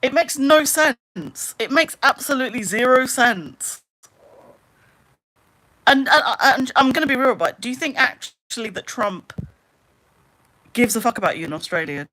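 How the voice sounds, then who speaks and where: A woman's voice: on the high side, lively intonation, moderate pace, long pauses, sharp tone. A young woman live streaming, chatting casually with viewers and reading out their comments in an exasperated, ranting way. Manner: ranting, exasperated, talks straight to chat.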